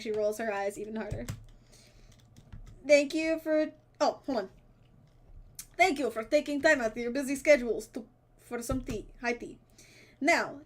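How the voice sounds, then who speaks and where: A high-pitched woman streams a dating game and reads the lines aloud, giggling often and dropping in goofy character voices. Her delivery is playful and casual.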